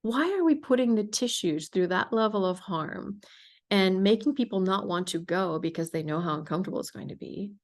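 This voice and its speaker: A woman hosting a podcast interview, telling stories in a casual, emphatic and animated way. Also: medium pitch, fairly quick. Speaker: podcast host.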